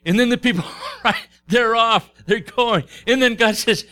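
A man preaching a sermon, retelling stories with acted-out dialogue in an animated way. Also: very high-pitched, measured pace. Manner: animated storytelling, acts out dialogue.

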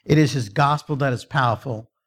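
A man preaching an evangelistic sermon, emphatic and repetitive, telling stories. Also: a little fast. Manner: emphatic, repetitive, dramatic shifts of pitch.

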